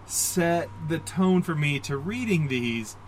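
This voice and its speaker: Guy rambling on a comics podcast, kinda high voice, lots of likes and ums. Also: animated, slow, a little hiss or hum, rough recording. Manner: rambling, self-deprecating, puts on mock voices. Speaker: podcast co-host. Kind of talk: casual comic book discussion.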